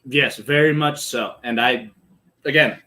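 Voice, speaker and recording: A man in a casual sports podcast chat, mid-pitched and animated. He talks like a loose, excited fan, swearing freely as he riffs on the game. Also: unhurried. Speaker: podcast co-host.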